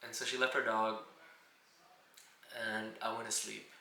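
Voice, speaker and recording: Flat, gravelly man telling a story. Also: on the low side. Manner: reflective, unhurried, circles back with "and again". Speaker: video diarist. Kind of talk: personal storytelling monologue. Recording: roomy echo, faint background hiss.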